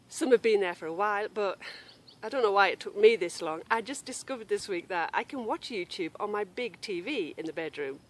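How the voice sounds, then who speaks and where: A woman hosting a knitting podcast from outdoors in a grassy yard, chatting casually and apologising for interruptions. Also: mid-range voice. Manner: chatty and apologetic, breaking off to call a wandering dog.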